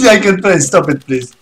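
A man teases his rival during a game in broken English, laughing between jabs. His voice sits a little high and swings widely in pitch. A faint hiss runs underneath. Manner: teasing, laughing, repeats "my friend", broken English. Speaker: pro gamer streaming a match. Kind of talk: trash-talking banter during play.

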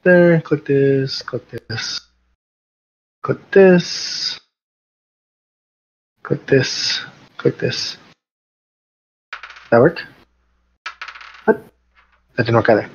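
A man playing a character in a tabletop game, talking hesitantly with many pauses and restarts. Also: medium pitch, slightly rough. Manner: hesitant, lots of uh and restarts, chuckling. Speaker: player. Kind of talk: casual tabletop game chat. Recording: dull lo-fi voice chat audio.

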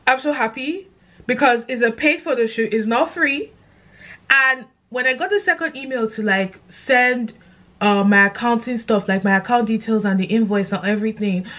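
A young woman with a London accent, chatting excitedly to camera in a casual vlog, gushing and animated. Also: a little high, moderate pace. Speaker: content creator.

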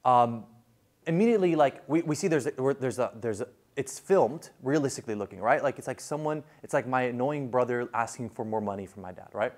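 A man's voice: medium pitch, brisk. Man giving a chatty lecture. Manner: animated, lots of fillers and restarts. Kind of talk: casual classroom lecture.

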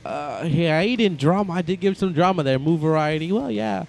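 A young man commentating his own wrestling video game, excitable and joking, swearing often. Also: fairly high pitch, normal speed, gravelly. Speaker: gaming channel host. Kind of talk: casual gameplay commentary.

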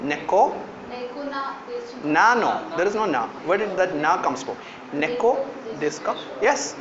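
High-voiced Indian man teaching a class. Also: animated, a little slow, pauses often, a crowd in the background. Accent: Indian English. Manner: coaxing, calls on students, many fillers. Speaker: university lecturer teaching Japanese. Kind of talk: classroom lecture. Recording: echoey lo-fi classroom recording.

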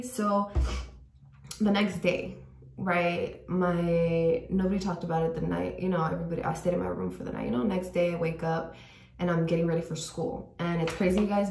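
A woman's voice: fairly low pitch, steady tone, a little fast, vocal fry, a little mellow, distant mic, a little hiss or hum. A young woman telling a personal story to her viewers in casual chat, full of "like" fillers and sometimes dropping to a whisper, recorded in a bathroom at home. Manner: chatty, many "like" fillers, drops to a whisper at times. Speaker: vlogger. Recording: echoey room, voice a bit off-mic.

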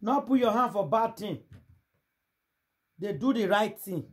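A man's voice: sits high, lively intonation, a little slow, slightly rough. A man from Nigeria speaking in a Nigerian Pidgin English accent, giving casual gossip commentary in a preachy, rhetorical way, addressing viewers directly. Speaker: gossip vlogger.

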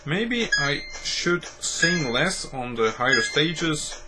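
A man with a Croatian accent comments on a mobile game in a slow, musing drawl that jumps into sudden excited shouts. His voice sits a little high. Loud game music plays under everything he says. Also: low-quality recording. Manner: slow musing talk, bursting into excited exclamations. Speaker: gaming channel host.

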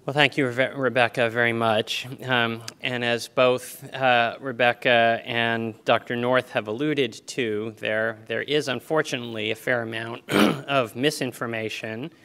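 A man moderating a conference, introducing the next speaker in a deliberate way with frequent pauses. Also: medium pitch, steady tone, sharp tone, clear, resonant tone. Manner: deliberate, halting with fillers.

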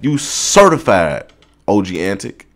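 A young man with a low voice, reacting to a music video in loose, slangy chatter. He gets worked up quickly and talks straight at his audience and at the screen. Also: big pitch swings, a bit bright. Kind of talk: casual reaction commentary.

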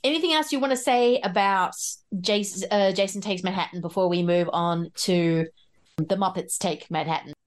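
A woman's voice: medium pitch, normal speed. A woman hosting a podcast over a video call, chatting casually and laughing often. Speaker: podcast host. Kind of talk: casual chat.

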